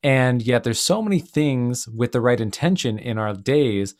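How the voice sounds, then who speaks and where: A man's voice: mid-range voice, animated, unhurried. Reflective man hosting a podcast chat. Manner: reflective, storytelling, leans on "like" and "you know". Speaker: podcast host. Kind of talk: casual conversational interview.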